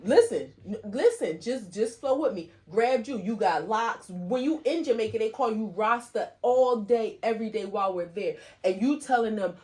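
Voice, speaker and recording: A woman's voice: fairly high pitch, lively intonation, normal speed, few pauses, darkish tone. A woman co-hosting a podcast in casual chat, earnestly building hypothetical scenarios to make her point. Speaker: podcast co-host.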